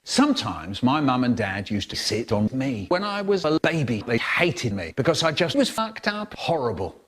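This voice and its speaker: A man's voice: medium pitch, very animated, normal speed, fairly bright tone. A man telling stories in a playful, theatrical way, with sudden swings in his voice. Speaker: storyteller. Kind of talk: animated storytelling, cut into spliced comedy clips.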